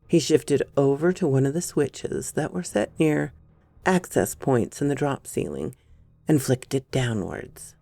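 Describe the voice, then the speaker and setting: Gravelly woman narrating a horror story. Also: a bass voice, expressive, a little slow, mellow, no room sound.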